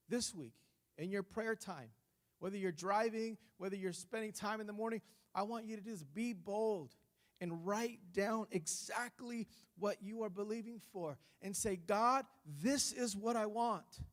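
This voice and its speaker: A male pastor giving a sermon in a church, preaching with passion that grows loud on repeated phrases. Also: sits high.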